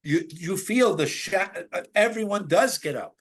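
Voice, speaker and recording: Animated, rambling male storyteller. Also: sits high, unhurried. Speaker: podcast guest. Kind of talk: casual spiritual conversation.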